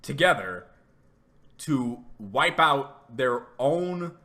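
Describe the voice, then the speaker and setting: Lively, bright-voiced man ranting. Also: mid-range voice, extremely slow. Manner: animated and rambling, laughing often, repeating words. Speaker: reaction video host. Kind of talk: casual reaction commentary.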